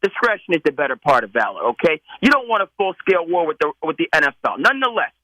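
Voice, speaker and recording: New england guy calling in, high bright voice, rambly and animated. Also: fast, no room sound, poor audio. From Massachusetts. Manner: animated, rambling, peppered with asides. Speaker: radio call-in caller. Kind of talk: phone-in sports chat.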